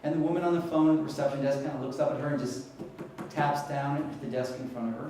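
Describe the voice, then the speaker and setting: A man's voice: medium pitch, steady tone, quick pace, warm tone, a little hiss or hum. A man from New York giving a conference talk, telling a story and asking the audience questions. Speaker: conference speaker. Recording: echoey hall, mic heard from a distance.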